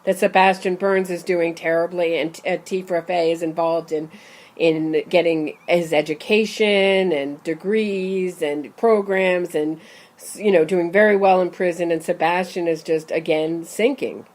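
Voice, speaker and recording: A woman with a lowish voice hosts a casual true-crime talk show. She speaks conversationally and guides the discussion from point to point. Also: steady tone, measured pace, darkish tone. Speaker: podcast host.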